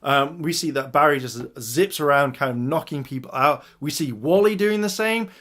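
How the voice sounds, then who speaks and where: A man's voice: fairly high pitch, normal speed, a bit bright. A man giving an enthusiastic casual review of TV episodes, retelling scenes and addressing his viewers. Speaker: video reviewer.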